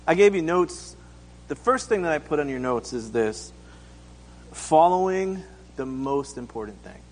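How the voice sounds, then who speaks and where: Man, pastor; high voice, casual sermon, acts out voices and quotes, asks the room questions; long reverb of a hall. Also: lively intonation, measured pace, darkish tone. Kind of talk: conversational sermon.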